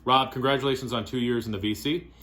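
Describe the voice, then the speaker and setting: A man vlogging casually about his favorite records, relaxed and rambling with lots of fillers. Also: medium pitch, fast. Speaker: vinyl collector vlogger.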